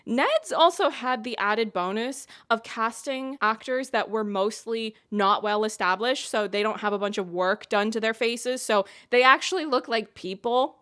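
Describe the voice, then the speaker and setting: A woman's voice: a little high, normal speed, hardly any pauses, bright, forceful tone. Articulate, opinionated woman vlogger. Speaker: book and film vlogger. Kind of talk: opinionated commentary.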